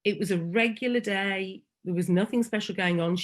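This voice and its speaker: A woman, a foster carer telling a heartfelt personal story, slow and emotional with frequent pauses. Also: mid-range voice. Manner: slow and emotional, pausing often.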